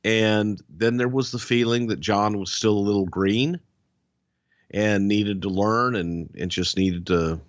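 A man, a former wrestling executive, talking in a blunt and measured way in casual podcast chat, with some swearing. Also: on the low side, dry recording. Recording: dull lo-fi sound.

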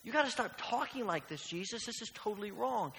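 Man voicing impulsive male disciple, urgent, insistent, high voice, long hall echo. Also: animated, fairly quick, fairly bright tone. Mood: protesting. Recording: long hall reverb, faint hiss.

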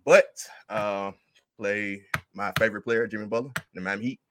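A man's voice: lowish voice, steady tone, moderate pace, noisy background. A man hosting a sports podcast, leading the talk in an easygoing, chatty way. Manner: easygoing, laughs often, leads the segments. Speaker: podcast host. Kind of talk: casual sports chat.

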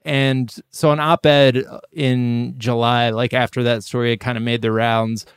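A man's voice: mid-range voice, level tone, unhurried, clean tone, dry recording, studio quality. A man co-hosting a podcast, talking in a rambling, offhand, profane way. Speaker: podcast co-host. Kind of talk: casual chat.

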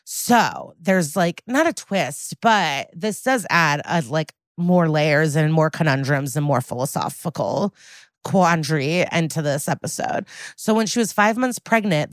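A woman co-hosting a podcast, retelling TV scenes in casual chat, blunt and quick to swear. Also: low-pitched, expressive, no echo, clean studio sound. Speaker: podcast co-host recapping episodes.

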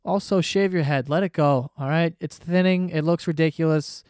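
A man's voice: a little high, normal speed, a little mellow, no echo. Male podcast host, profane and sarcastic rambler, dry close recording, resonant tone. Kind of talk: casual comedic rant.

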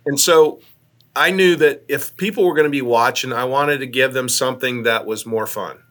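A man from Nebraska tells stories as an astronaut guest. His voice is bright and his manner is animated, and he often checks in with "right?". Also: mid-range voice, moderate pace. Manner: animated, tags lines with "right?". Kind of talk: casual storytelling interview.

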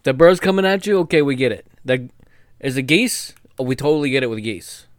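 A man co-hosting a casual chat, animated and laughing often. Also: medium pitch, a little fast, no echo, studio quality.

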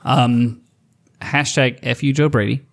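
A man's voice: medium pitch, steady tone, a little slow, vocal fry. A man hosting a podcast, joking and crude in casual banter with his guests. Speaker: podcast host.

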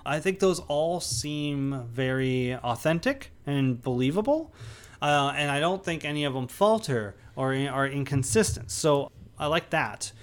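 Smooth-voiced man rambling through a movie review. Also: a little high, animated, unhurried. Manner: rambling, many restarts and fillers. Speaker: podcast co-host. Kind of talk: casual movie review chat.

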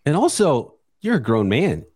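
A man's voice: fairly high pitch, wildly swooping pitch, normal speed, darkish tone, husky, dry recording, studio quality. A man hosting a sports podcast, talking bluntly and chattily with frequent restarts. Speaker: podcast host. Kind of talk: casual sports chat.

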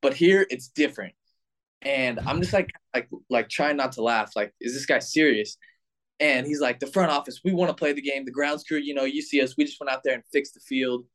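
This young man, a twenty-something baseball player, tells an animated, laid-back story fairly quickly in a mid-range voice, leaning heavily on fillers.

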